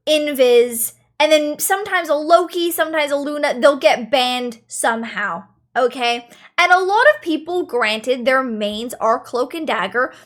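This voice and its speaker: High-voiced woman streamer chatting casually. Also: fairly bright tone. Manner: chatty, repeats phrases for emphasis, addresses chat.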